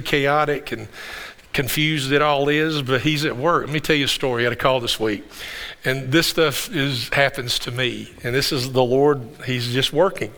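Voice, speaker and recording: A man preaching from the pulpit with a bright, forceful voice that carries a long hall reverb through the sanctuary. He talks in a loose, conversational way and doubles up words when he gets going on a story. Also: mid-range voice. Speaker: pastor. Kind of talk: sermon with storytelling. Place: church sanctuary.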